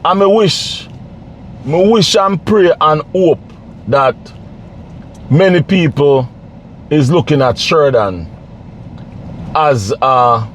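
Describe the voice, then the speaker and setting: A man's voice: on the high side, takes it slowly, pauses often, a little hiss or hum. A man giving casual, pleading commentary to camera, repeating himself and preaching. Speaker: vlogger.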